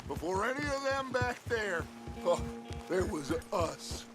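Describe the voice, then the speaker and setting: Brief: a grandiose, persuasive outlaw gang leader in a game; high-set voice. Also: male voice, very animated, measured pace, loud music behind the voice. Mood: calm. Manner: theatrical, persuasive, smooth-talking. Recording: game audio with loud ambient noise.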